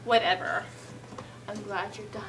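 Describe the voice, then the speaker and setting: A woman voicing a cold, bitter young heiress who speaks low and sneering. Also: unhurried, music in the background, lightly acted. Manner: low, flat and icy, sneering.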